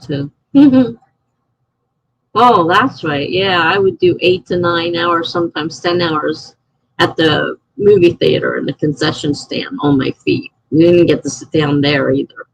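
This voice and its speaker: A woman's voice: low-pitched, measured pace, creaky, slight background noise, rough recording. A middle-aged woman chatting casually on a live stream, answering chat messages and laughing often.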